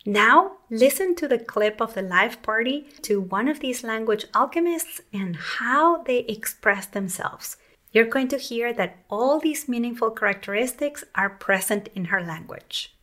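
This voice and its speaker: A woman hosting her own podcast as a communication coach, teaching in an expressive, warm delivery. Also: a little high, unhurried.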